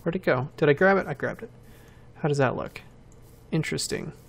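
A man's voice: on the high side, lively intonation, a little fast, vocal fry. A man hosting a game channel, giving casual commentary while building and thinking aloud, with self-mocking asides.

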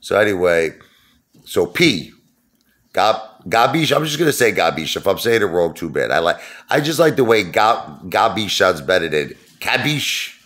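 Middle-aged guy, super deep voice, just rambling and cracking jokes about himself on his channel. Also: very animated, moderate pace, a bit bright. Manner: joking, self-mocking storyteller. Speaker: YouTube host. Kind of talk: casual rambling vlog talk.

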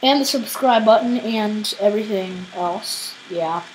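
A woman hosting a game channel, giving casual let's-play commentary, excitable and yelling at opponents. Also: mid-range voice, measured pace, a little hiss or hum, low-quality recording. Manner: excitable, squealing and shouting at opponents. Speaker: gaming channel host.

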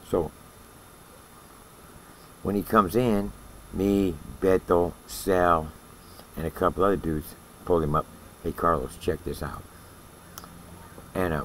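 An older man with a very deep, gravelly voice tells a story from his prison days. He talks bluntly and swears freely, often tossing in a quick "all right?" to keep the listener with him. A faint background hiss stays under his voice. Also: animated, poor audio. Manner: blunt and profane, tags lines with "all right?". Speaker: former prison inmate telling a story. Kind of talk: casual spoken storytelling.

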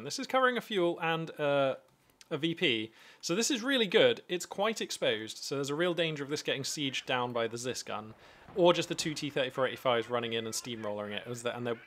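A man giving animated live commentary on a strategy game from a home streaming setup, thinking aloud with frequent restarts. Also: mid-range voice.

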